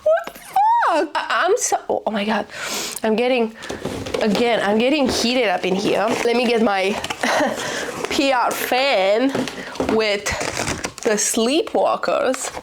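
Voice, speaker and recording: A woman's voice: on the high side, takes it slowly, pauses often, noisy background. A young woman book vlogger ranting casually to camera, swearing and incredulous.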